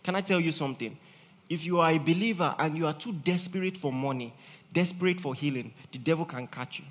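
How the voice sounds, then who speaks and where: A man preaching a sermon as a pastor, animated and teasing, swinging between loud and soft. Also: a little high, brisk.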